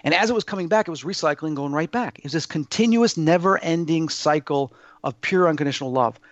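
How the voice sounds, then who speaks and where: Awed, halting man, slightly high voice. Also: dry recording, highs cut off. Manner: halting, awed, with many restarts. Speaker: guest. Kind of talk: personal storytelling in an interview.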